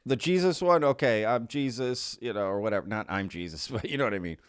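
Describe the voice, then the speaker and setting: A man's voice: on the low side, sing-song, rapid-fire, smooth, dry recording, studio quality. A man hosting a commentary video, musing aloud with many questions and restarts, laughing now and then. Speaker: commentary host. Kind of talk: casual reaction commentary.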